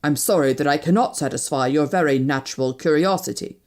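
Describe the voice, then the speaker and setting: A woman's voice: low-pitched, a little fast, darkish tone, voice pushed down, natural voice. A woman reading an audiobook, voicing a defiant wounded young man who speaks coldly and scornfully. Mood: curt. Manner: cold, clipped and scornful.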